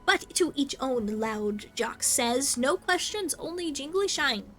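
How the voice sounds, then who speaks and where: A woman's voice: high-pitched, expressive, slow pace, soft background music. A woman voicing a sly male goblin merchant who speaks in broken, clipped phrases. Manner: broken clipped speech, drawn out.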